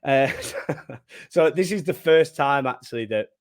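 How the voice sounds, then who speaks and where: A man's voice: mid-range voice, animated, unhurried. A man hosting a football podcast in a chatty, casual way, laughing between phrases. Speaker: podcast host.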